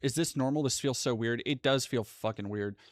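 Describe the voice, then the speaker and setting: A man hosting a livestream, giving casual reaction commentary in a blunt, profane way with halting restarts. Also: mid-range voice, crowd noise. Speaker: livestream host.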